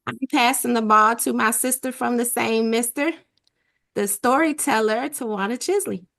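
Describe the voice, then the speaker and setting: Earnest woman with halting speech. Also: on the high side, creaky, fairly bright tone. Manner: earnest, a little halting, many ums. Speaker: new sales agent. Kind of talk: sharing on a team call.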